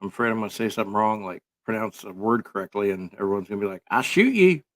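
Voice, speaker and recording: A man's voice: lowish voice, flat delivery, rapid-fire. A man giving casual, rambling commentary full of sarcastic jokes and filler words.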